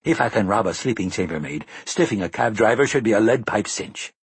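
A man's voice: on the low side, lively intonation, a little fast, breathy edge, no room sound, full character voice. A man voicing a weary middle-aged male ex-priest who speaks in a dry, wry way.

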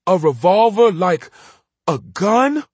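A man reading an audiobook, voicing a curious, eager young boy with high, questioning speech. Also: big pitch swings, brisk, slightly rough, no echo, heavily acted.

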